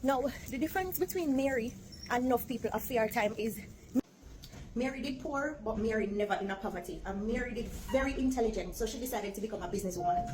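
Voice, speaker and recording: A woman from Jamaica with a Jamaican accent, telling a history story in chatty patois with lively asides. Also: fairly high pitch, background noise. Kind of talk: casual storytelling to camera.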